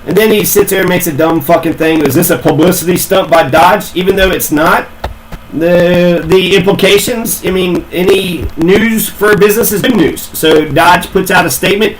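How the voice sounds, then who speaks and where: A man's voice: high voice, normal speed, a bit bright, slight background noise, poor audio. A man ranting in a casual, rambling way, swearing a lot and repeating himself. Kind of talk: casual profane rant.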